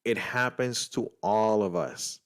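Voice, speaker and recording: A middle-aged man from Puerto Rico talks casually on a podcast with a very deep, low voice. He is animated, stumbles and restarts his phrases, and keeps turning to his listeners as he makes his point. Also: takes it slowly. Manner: animated, repetitive restarts, addresses listeners as guys. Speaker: podcast co-host, trading group leader.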